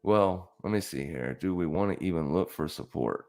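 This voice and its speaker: Male host, deep voice, casual live-stream trading talk, blunt coaching manner. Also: normal speed, darkish tone.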